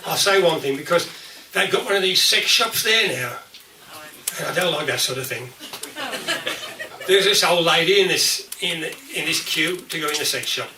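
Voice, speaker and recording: An older man with a Black Country accent spins comic yarns at a folk club, his voice sitting fairly high and laughing as he goes. The live recording is roomy and distorted, caught from a distance, with the crowd's laughter heard behind him. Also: animated, moderate pace, noisy background. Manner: chatty, laughing through his jokes, stammering restarts. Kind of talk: comic storytelling to a live audience. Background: audience laughter.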